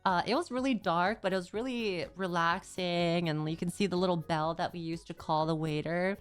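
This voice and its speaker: Young woman streamer rambling casual, lowish smooth voice, bit of music underneath. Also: normal speed. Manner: rambling, casual slang, frequent "like". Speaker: VTuber streamer. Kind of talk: casual stream chat recapping a trip.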